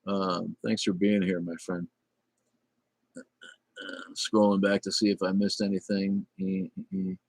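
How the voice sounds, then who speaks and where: A middle-aged man with a lowish voice chats through a livestream, drifting from one thing to the next with plenty of ums and false starts. His tone is blunt and irreverent, and the sound is dry, close, with almost no room. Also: takes it slowly, vocal fry, long pauses, a little mellow, dry recording. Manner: rambling, chatty, with many fillers and restarts. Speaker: livestream host. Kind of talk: casual livestream chat reading viewer comments.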